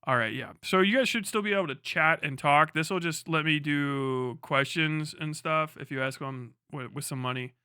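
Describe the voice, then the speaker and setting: A man's voice: on the high side, normal speed, hardly any pauses, pushed and bright, smooth, dry recording, clean studio sound. A man streaming live, chatting casually with his audience in a rambling, profane way. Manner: rambling, profane, laughing asides.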